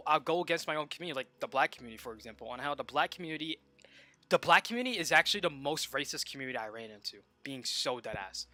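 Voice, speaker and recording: A young adult man talking casually on a live stream while gaming, rambling and animated, full of "like" and stop-start restarts. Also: a little high. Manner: rambling and animated, heavy use of "like" and repeated restarts.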